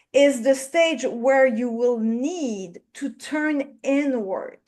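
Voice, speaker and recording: Slow high-voiced Quebec French woman. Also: darkish tone. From Quebec, Canada. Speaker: trading psychology coach. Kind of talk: live show guest talk.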